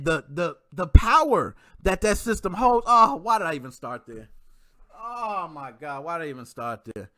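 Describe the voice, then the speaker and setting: Guy vlogging about games, joking and slangy, bright lively voice, dry close sound. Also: fairly high pitch, dry recording. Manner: animated and joking, quick laughs, slangy. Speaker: gaming channel host. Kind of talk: casual commentary, reading viewer comments.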